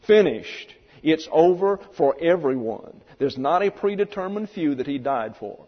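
A man's voice: on the high side, expressive, measured pace. A man preaching a sermon, explaining doctrine in an emphatic, methodical way and often linking points with "and therefore.". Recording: dull lo-fi recording with long hall reverb.

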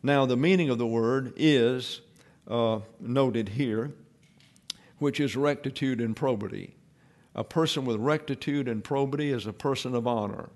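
A man giving an expository Bible lesson in a measured, explanatory way, with pauses and fillers. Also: mid-range voice. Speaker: Bible teacher.

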